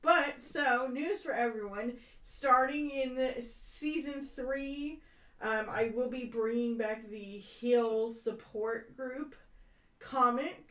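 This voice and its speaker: A woman's voice: high-pitched, slow, fairly bright tone. A woman co-hosting a podcast, chatty and full of fillers, often laughing. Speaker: podcast co-host. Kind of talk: casual podcast chat. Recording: roomy, distant mic.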